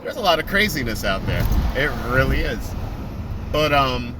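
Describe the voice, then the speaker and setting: A man's voice: medium pitch, big pitch swings, moderate pace. Chatty man vlogging from his car. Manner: chatty, laughing, storytelling with quoted voices. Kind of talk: casual chat while driving. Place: car in traffic. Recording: car and road noise. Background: traffic noise.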